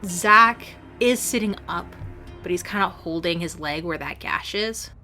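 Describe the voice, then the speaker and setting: A woman narrating a tabletop game as game master, gentle and encouraging toward her player. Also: lowish voice, a little slow, soft background music.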